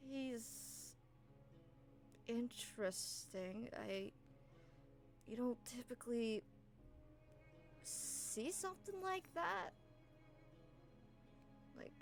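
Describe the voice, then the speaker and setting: A woman narrating a tabletop game as game master, in a casual, rambling way. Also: fairly high pitch. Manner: casual, rambling, with fillers and laughs.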